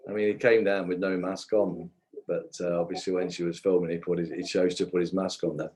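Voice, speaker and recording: A man's voice: low voice, level tone, fairly quick, a little mellow, poor audio. A man giving indignant, ranting commentary on a livestream, swearing as he goes.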